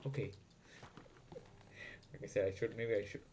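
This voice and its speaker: A man giving panicked gameplay commentary, yelling and swearing one moment and muttering to himself the next. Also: on the low side, steady tone, normal speed. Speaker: gaming video creator. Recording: loud background noise with clicks.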